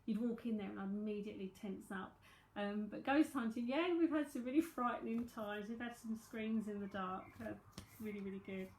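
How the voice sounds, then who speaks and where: A woman's voice: mid-range voice, fairly quick, hardly any pauses, a little mellow, roomy sound, a little hiss or hum, poor audio. A woman with a London accent giving a psychic reading in a chatty, rambling way, thinking aloud with many fillers. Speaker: psychic medium. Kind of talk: live-streamed reading, casual chat.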